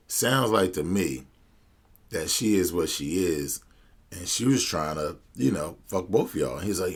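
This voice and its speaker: Gravelly low-voiced man telling a story. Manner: animated, blunt, slangy, retells dialogue. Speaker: podcast host. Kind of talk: casual storytelling commentary.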